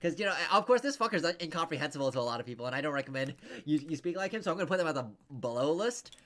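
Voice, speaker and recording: Fast-talking man coaching. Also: on the high side, animated, a bit bright. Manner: rambling, fast, many restarts and fillers. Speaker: interview coach. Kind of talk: casual coaching chat.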